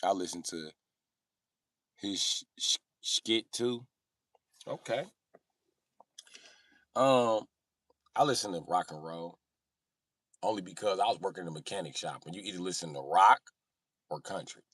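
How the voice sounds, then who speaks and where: A man hosting a livestream rants casually and jokes with plenty of swearing, animated and swinging between loud and quiet. His voice is low and husky, a bit slow with frequent pauses, captured in clean, echo-free studio sound from a distant mic.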